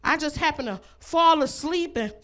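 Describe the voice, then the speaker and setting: A woman's voice: high voice, animated, normal speed, fairly bright tone. A woman performing a stand-up comedy set on a comedy club stage, brash and laughing at her own jokes.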